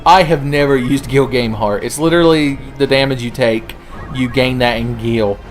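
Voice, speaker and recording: A young man giving profane, jokey commentary while playing a strategy game, slipping into silly voices. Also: mid-range voice. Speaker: gaming channel host. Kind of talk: let's play commentary.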